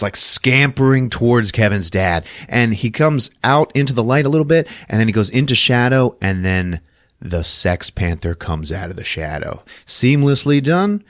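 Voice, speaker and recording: A man's voice: fairly low pitch, no room sound, clean studio sound. A man hosting a podcast, recapping a film in casual chat, laughing often and acting out scenes as he goes. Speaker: podcast host.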